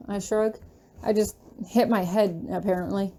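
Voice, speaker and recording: Mellow-voiced woman reading fanfiction aloud. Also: medium pitch, fairly even intonation, unhurried. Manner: emotional, earnest storytelling. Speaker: fanfiction reader. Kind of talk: first-person audiobook narration.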